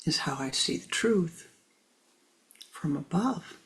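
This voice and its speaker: A woman spiritual teacher telling a parable in a slow, gentle storytelling manner. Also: low voice, animated.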